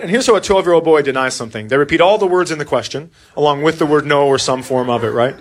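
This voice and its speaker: A man in his forties telling a stand-up story about his son, dry and deadpan. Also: fairly high pitch, brisk, crowd noise. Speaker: stand-up comedian. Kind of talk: stand-up comedy set. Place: comedy club stage. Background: audience laughing.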